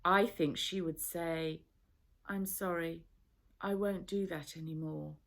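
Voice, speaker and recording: A calm, patient male teacher in a storybook reading, voiced by a woman. He explains things softly and unhurriedly, in a slightly gravelly tone. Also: fairly low pitch, slow pace.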